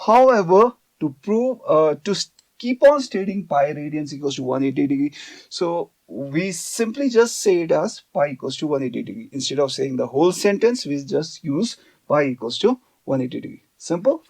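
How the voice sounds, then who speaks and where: A man's voice: on the high side, very animated, moderate pace, creaky, darkish tone. A man teaching a math lesson on video, explaining step by step and often checking in with "okay".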